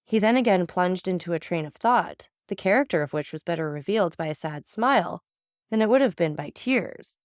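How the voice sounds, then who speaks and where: A woman narrating a classic novel as an audiobook reader, telling it in a steady, even way. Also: fairly low pitch, brisk, no echo, studio quality.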